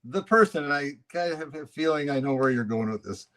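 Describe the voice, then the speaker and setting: A man's voice: on the high side, a little fast, a bit bright. A man co-hosting a podcast in casual chat, explaining things in an easygoing way. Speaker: podcast co-host.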